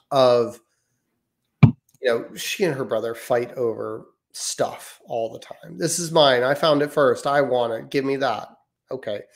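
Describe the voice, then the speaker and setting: A man's voice: mid-range voice, a little mellow. A man co-hosting a parenting podcast, chatting casually and telling wry stories about his kids. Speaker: podcast co-host.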